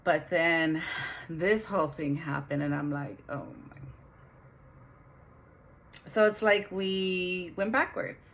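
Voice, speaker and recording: Middle-aged woman, vlogger, heartfelt halting storytelling, lowish voice, faint background noise. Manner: earnest, halting, with many restarts and fillers. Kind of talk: emotional personal storytelling.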